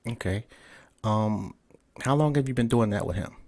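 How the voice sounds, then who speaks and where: A man's voice: on the low side, normal speed, a little mellow. Casual, cursing male podcast host. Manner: loose and profane, frustrated with tech trouble. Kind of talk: casual interview, remote call.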